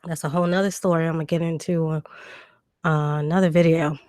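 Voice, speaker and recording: A woman's voice: low voice, little pitch movement, quick pace, darkish tone, dry recording, studio quality. A woman hosting a casual livestream, reading out viewer questions and answering them with many ums and restarts, a cough drop in her mouth. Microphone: new desk microphone.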